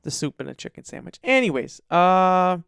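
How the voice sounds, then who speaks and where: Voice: medium pitch, big pitch swings, gravelly, fairly bright tone, clear, resonant tone, dry recording. A podcast co-host in easygoing casual chat, with teasing asides. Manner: laid-back, quick reactions and teasing asides. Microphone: studio dynamic mic.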